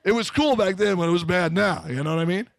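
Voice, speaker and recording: A man from Southern California telling his life story to an audience, animated and full of self-mocking humor. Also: high voice, fast talker, gravelly, dry recording. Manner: animated storytelling, acting out quoted voices. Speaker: speaker giving his testimony. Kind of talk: testimony to a live audience.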